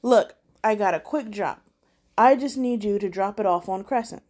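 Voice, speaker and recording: A woman's voice: mid-range voice, moderate pace, a little mellow, close to an everyday voice. A woman voicing a cocky young male street dealer who mocks and orders others around. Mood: bossy. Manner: cocky, mocking, bossy.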